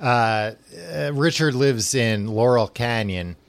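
A man's voice: mid-range voice, slow pace, no echo. A man hosting a book podcast, recapping chapters in a rambling, filler-heavy way while tired and yawning. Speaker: podcast host. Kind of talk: casual book recap chat.

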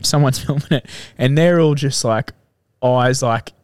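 A blunt, jokey Australian man hosts a casual podcast chat, swearing freely. His middle-pitched voice sounds close and dry, with no room around it. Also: unhurried, clear, resonant tone, no room sound. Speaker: podcast host.

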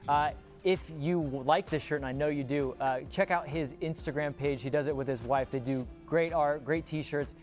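A man's voice: a little high, moderate pace, faint music behind. A man co-hosting a soccer talk show, chatting enthusiastically and speaking straight to viewers. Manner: enthusiastic, talks to viewers directly. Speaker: co-host. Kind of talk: casual sports chat.

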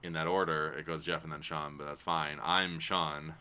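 A man's voice: rumbling low, little pitch movement, moderate pace, sharp tone, clean tone. A man co-hosting a casual podcast, teasing his friend and laughing often. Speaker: podcast co-host.

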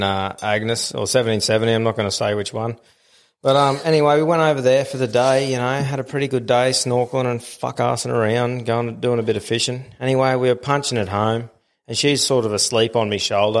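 An Australian man spinning a laid-back, blokey yarn on a podcast, swearing freely as he talks. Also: on the low side. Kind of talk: casual podcast storytelling.

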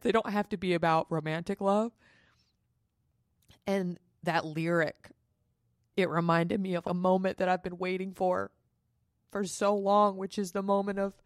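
A woman's voice: medium pitch, no room sound, studio quality. A young woman hosting a podcast, telling a personal story in a chatty, emotional way and acting out the dialogue. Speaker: podcast host. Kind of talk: casual storytelling.

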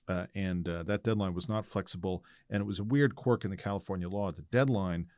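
A male host with a fairly low voice asks questions and gives measured explanations about fundraising. His speech is steady and explanatory. The recording is dry and close. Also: no echo. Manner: measured, explanatory, recounts own campaign. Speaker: interview host. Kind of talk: interview questions and commentary.

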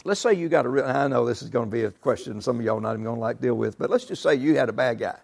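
Gravelly, fast-talking preacher man. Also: medium pitch. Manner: folksy, emphatic, rising to shouts and laughter. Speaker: pastor. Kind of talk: sermon.

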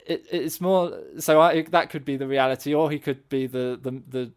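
A man's voice: medium pitch, moderate pace, smooth. A man in casual podcast chat, thinking aloud and searching for his words. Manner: thoughtful, searching for words, many restarts.

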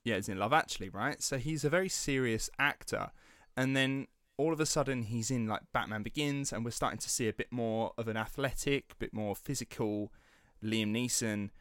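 A man's voice: medium pitch, normal speed, a bit bright, dry recording, studio quality. A man hosting a podcast, chatting casually and reading a prepared story. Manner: chatty, tangent-prone, laughs easily. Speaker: podcast host.

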